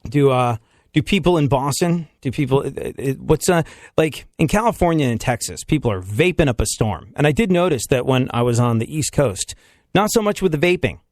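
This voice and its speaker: A man's voice: mid-range voice, expressive, fairly quick, a little mellow, dry recording, clean studio sound. A male radio host joking casually with his co-host in a wry, laughing manner. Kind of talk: casual comedic radio chat.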